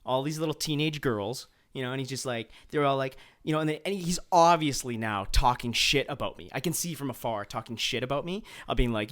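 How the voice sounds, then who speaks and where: This co-host, speaking a little fast in a medium-pitched, somewhat bright voice, rambles through a lengthy story during a casual podcast chat. He curses throughout and keeps starting his sentences over.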